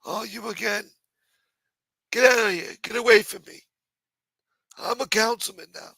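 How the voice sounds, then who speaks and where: A man doing a high, put-on voice of a pompous, self-important town councilman who brushes people off. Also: a little slow, creaky, pushed and bright, no room sound, exaggerated voice, rough recording. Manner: boastful, dismissive.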